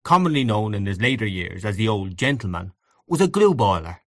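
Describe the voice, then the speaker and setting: A droll gentleman spinning a family tale with lively, rising inflections, read by a man in his own low voice. The sound is close and dry. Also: brisk, no echo. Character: genial man telling a comic anecdote.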